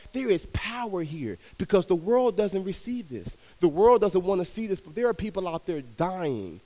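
A young man preaching to a youth audience, telling stories with energy and swinging between soft and loud delivery. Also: high-pitched, big-room sound. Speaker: youth minister. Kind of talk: sermon. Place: large hall with young audience.

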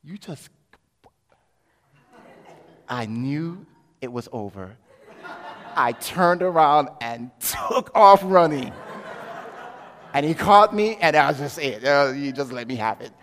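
Male preacher, slightly high voice, animated storyteller, long hall reverb. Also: a little slow. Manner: animated storyteller, swings from hushed to loud. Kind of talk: sermon storytelling.

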